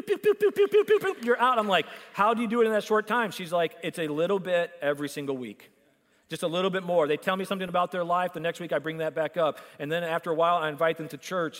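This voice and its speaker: A male pastor preaching a sermon, telling stories and acting out the dialogue. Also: fairly high pitch. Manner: storytelling, acts out dialogue. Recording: long hall reverb.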